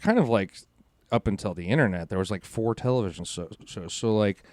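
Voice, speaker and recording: A man guesting on a podcast as a comedian, telling animated stories in casual chat and swearing freely. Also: lowish voice, brisk, dry recording.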